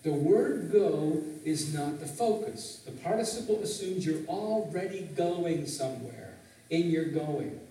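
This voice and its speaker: A man's voice: fairly high pitch, animated, a little slow, dark tone. A man preaching a sermon as pastor, teaching and asking the congregation frequent questions. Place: church sanctuary, in Canada. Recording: very echoey hall, voice from a distance.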